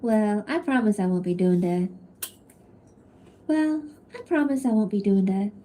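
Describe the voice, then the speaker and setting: A young southern woman with a Cajun accent drawls her lines for an animatic, as a woman puts her on. The voice is mellow and rounded, and the delivery is teasing and unhurried. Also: medium pitch, lightly acted. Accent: attempted Cajun. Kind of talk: animatic voice line takes.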